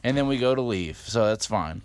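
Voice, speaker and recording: A man's voice: on the low side, lively intonation, normal speed, slight background noise. A man in his fifties telling a story for his vlog in a casual, rambling way, with frequent swearing and fillers. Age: 50s. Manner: rambling, profane, lots of fillers. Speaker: vlogger.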